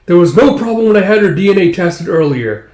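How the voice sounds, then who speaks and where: A man's voice: high-pitched, lively intonation, a little fast, darkish tone, pitched above the performer's own voice. A man voicing a defiant young noblewoman who snaps indignant commands, recorded in a roomy space. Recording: roomy echo.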